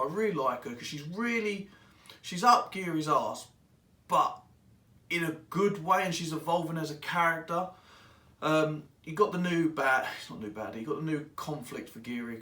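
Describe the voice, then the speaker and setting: Bright-voiced man rambling in an echoey room. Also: fairly high pitch, far from the mic. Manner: rambling and excitable, acts out characters in quotes. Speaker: book reviewer. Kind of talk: casual spoken book review. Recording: echoey room, voice away from mic.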